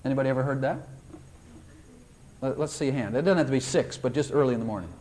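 An older man preaching a sermon to a congregation, animated and emphatic, rising into high tones as he acts out prayers. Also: quick pace.

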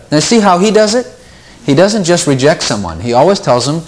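A man with a rather high, very animated voice leads a casual Bible study at a brisk pace. He repeats words as he talks things through and lifts his voice when quoting scripture.

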